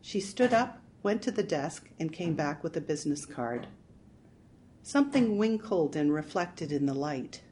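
A woman narrating a first-person audiobook in a measured, even storytelling manner. Her voice sits a little low. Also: slight background noise.

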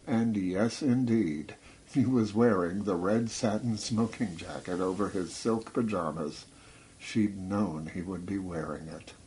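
A man narrating a novel in a measured, steady reading. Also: deep voice. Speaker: audiobook narrator. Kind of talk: scripted narration.

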